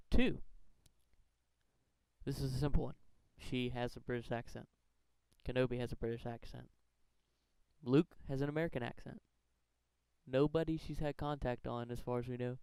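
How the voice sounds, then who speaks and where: A man's voice: mid-range voice, fairly even intonation, normal speed, vocal fry, mellow, smooth, no room sound, low-quality recording. A man earnestly talking through a fan theory countdown, rambling and correcting himself as he goes. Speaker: fan theory video maker. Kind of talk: casual countdown commentary.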